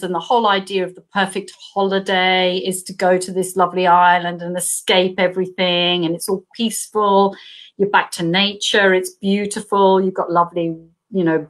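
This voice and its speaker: Woman author from Australia, animated storyteller, laughs often, on a video call. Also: on the low side. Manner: acts out quoted voices. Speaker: crime thriller author. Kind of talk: live video chat interview.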